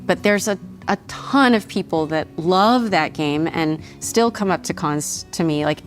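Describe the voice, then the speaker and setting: A woman's voice: fairly low pitch, a little slow, faint music behind. A middle-aged woman chatting casually as a guest over a meal, talking with many restarts and frequent laughs.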